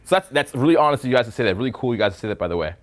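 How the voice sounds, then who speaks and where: A man coaches a live seminar room on dating, speaking very fast in a mid-range, animated voice. He's blunt, profane, and joking, slipping into mocking put-on voices to make his points.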